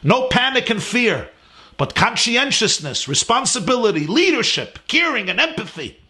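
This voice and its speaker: A man's voice: very high voice, sing-song, moderate pace, bright, forceful tone. A man, a rabbi, giving an earnest, emphatic sermon-style class from his home, building his points in rising lists.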